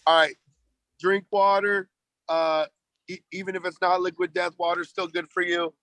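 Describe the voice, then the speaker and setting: A laid-back American man who jokes and swears freely while chatting as a podcast guest. His voice sits a little high for a man. The sound is dry and close. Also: little pitch movement, normal speed, a bit bright, no room sound, rough recording. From United States. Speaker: touring band member, podcast guest. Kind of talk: casual chat.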